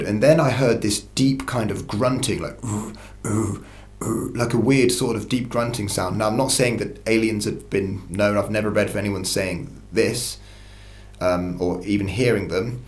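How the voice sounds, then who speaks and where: A man's voice: lowish voice, roomy sound. A man telling a first-person story in a casual, rambling way, full of restarts and swearing. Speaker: channel host telling an encounter story.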